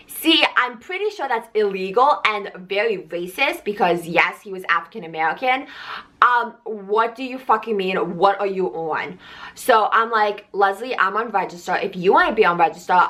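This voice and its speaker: A young woman vlogger telling a casual storytime, animated and swearing freely while acting out coworkers' lines. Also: mid-range voice.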